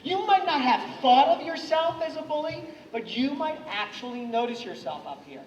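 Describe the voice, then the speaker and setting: A man giving an energetic anti-bullying talk to students at a school, getting the audience to repeat lines after him. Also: very high voice, moderate pace, slight background noise. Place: school hall or classroom. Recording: echoey hall from far off.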